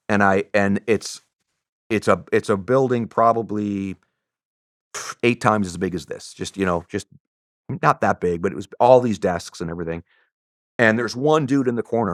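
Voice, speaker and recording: A middle-aged American man, a retired soldier, telling a story as a podcast guest in an animated, rambling way with restarts and swearing. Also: fairly low pitch, dry recording, clean studio sound. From United States. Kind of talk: casual anecdote telling.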